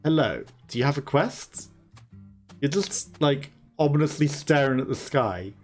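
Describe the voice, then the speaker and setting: A man giving amused let's play commentary in an unhurried way. His pitch moves lively as he chats and laughs at the game. Game music plays clearly behind him. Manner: amused, chatty, laughs often. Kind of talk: gameplay commentary.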